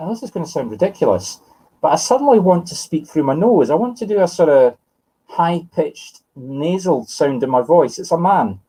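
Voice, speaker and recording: A man's voice: a little high, animated, normal speed, dark tone, slightly rough, poor audio. A Scottish man in his fifties giving live spiritual readings, musing aloud and correcting himself as he addresses sitters by name. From Scotland. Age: 50s. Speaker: medium.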